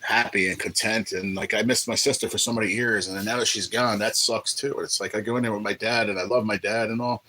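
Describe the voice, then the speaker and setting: A man's voice: lowish voice, fairly even intonation, quick pace, hardly any pauses, pushed and bright, low-quality recording. A man hosting a casual livestream, joking and rambling with viewers and swearing freely. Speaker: livestream host.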